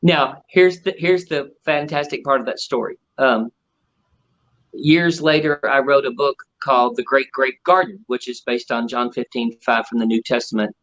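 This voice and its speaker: A ventriloquist, a man with a medium-pitched voice at normal speed, tells stories as a guest in a casual interview, animatedly acting out the people he quotes. The audio is dull and lo-fi.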